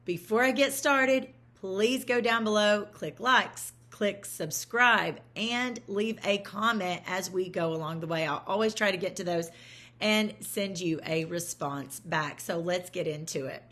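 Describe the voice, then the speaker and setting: A woman teaching a phonics lesson for parents, explaining patiently and counting letters aloud slowly. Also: medium pitch, fairly bright tone. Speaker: reading teacher.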